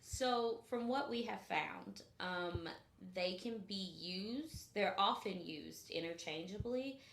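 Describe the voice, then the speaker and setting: A woman co-hosting a casual chat about spiritual practice, rambling with many fillers and dropping into soft, breathy asides. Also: medium pitch, takes it slowly, slight background noise. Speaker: podcast co-host. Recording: echoey room.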